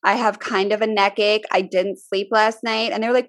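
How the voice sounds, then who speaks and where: Quick, candid mom on a dry mic. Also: female voice, mid-range voice, little pitch movement, no room sound. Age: 30s. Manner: fast, candid and chatty. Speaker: podcast co-host. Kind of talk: casual chat.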